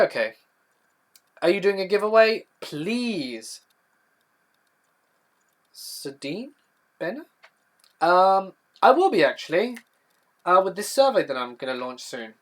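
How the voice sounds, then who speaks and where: A young man with a southern English accent, hosting a casual livestream, telling a spooky story and answering chat in a rambling, self-correcting way. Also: high-pitched. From south-east England. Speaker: livestream host.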